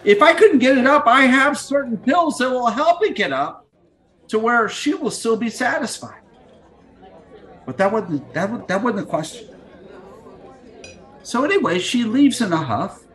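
Lively middle-aged podcast host, crude. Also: male voice, very high voice, unhurried, pauses often, some chatter behind. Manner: crude, joking, scatterbrained. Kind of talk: casual rambling monologue. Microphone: video call.

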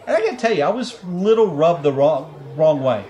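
A man's voice: fairly high pitch, big pitch swings, a little fast, warm tone. A man casually telling a long story on a podcast, rambling, swearing and laughing often.

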